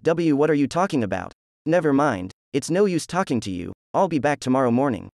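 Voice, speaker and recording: A man's voice: mid-range voice, very animated, brisk, a little mellow, dry recording. A nervous middle-aged bar owner who stammers when he gets flustered, as a man voices him in a story reading. The voice is close and dry.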